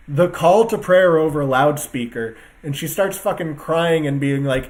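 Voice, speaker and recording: A man's voice: fairly high pitch, expressive, unhurried, hardly any pauses. A man ranting to his viewers in a casual solo talk as an online commentator, emphatic, profane and rambling, speaking from his computer desk. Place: at a computer with two screens.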